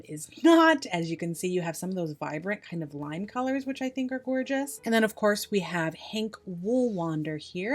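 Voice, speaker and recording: Gushing woman unboxing yarn. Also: fairly low pitch. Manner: gushing, enthusiastic, repeats "oh my gosh". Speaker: yarn channel host. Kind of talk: casual unboxing review.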